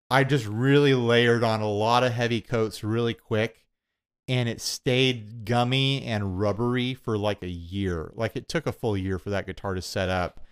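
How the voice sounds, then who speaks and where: This young male podcast co-host has a smooth, medium-pitched voice. In casual chat he rambles loosely, pokes fun at himself and laughs often.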